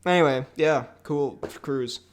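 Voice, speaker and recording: A man's voice: medium pitch, unhurried, slight background noise. A young man co-hosting a podcast in casual chat, joking around and laughing often. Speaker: podcast co-host.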